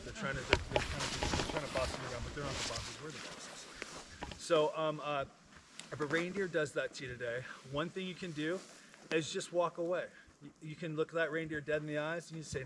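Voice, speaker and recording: A man working as a reindeer farm guide, talking visitors through the tour outdoors in a playful, animated way that acts out the animals. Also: on the high side, quick pace, distant mic. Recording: noisy outdoor recording.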